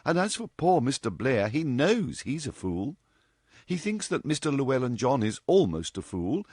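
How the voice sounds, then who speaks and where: A man voicing a lively, outspoken young woman who teases and chatters playfully. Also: medium pitch, moderate pace, husky, dry recording, studio quality, pitched above the performer's own voice. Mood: teasing. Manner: chattering, playful, mock-dramatic.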